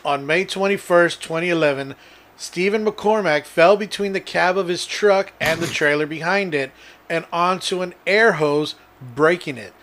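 A man's voice: fairly high pitch, moderate pace, a bit bright. A man co-hosting a casual podcast, reading odd news stories aloud and often laughing as he reads. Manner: laughs while reading, playful. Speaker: podcast co-host.

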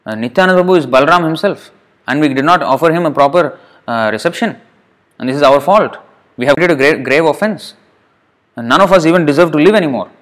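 A man's voice: on the high side, fast talker, fairly bright tone, natural voice. A man voicing a humble, devout male pilgrim leader who reproaches himself and begs forgiveness in a retold sacred story. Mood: stern. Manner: pleading, self-reproaching.

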